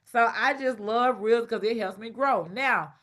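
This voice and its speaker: A woman, teaching an online business masterclass in a playful, loud, slangy way. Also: a little high, measured pace.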